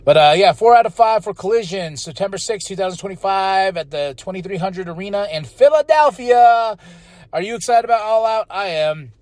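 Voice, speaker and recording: A man hosting a podcast, giving a casual, excitable recap of a wrestling show and now and then shouting out the wrestlers' lines and chants. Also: high voice, a little fast, no room sound. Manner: excitable, chatty, slips into loud impressions of the wrestlers. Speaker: podcast host.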